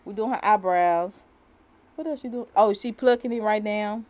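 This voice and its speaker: A young woman talks over a wig install tutorial in a casual, off-the-cuff voiceover. Her speech is loose and slangy, packed with fillers, and she keeps slipping into giggles and nervous apologies. Her pitch sits right at an ordinary middle level. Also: normal speed, darkish tone. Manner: slangy and chatty, with frequent "you know" and "y'all". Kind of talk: casual, unscripted voiceover narration.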